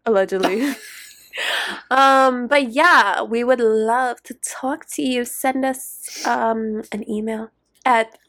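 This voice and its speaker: A woman's voice: a little high, steady tone, takes it slowly, a bit bright. A woman co-hosting a casual pop culture podcast, joking around playfully and giggling often. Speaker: podcast co-host.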